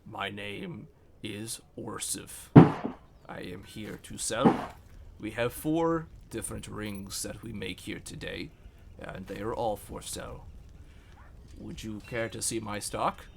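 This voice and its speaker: A man voicing a calm stone elemental merchant in a tabletop game, speaking slowly and formally. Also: lowish voice, gravelly, heavy background noise. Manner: slow, formal salesman talk.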